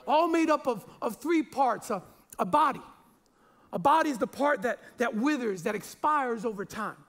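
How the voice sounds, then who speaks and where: A man's voice: very high voice, animated, moderate pace, a bit bright. A man in his forties, a pastor preaching a sermon in a chatty, jokey way, stumbling over repeated words and fillers.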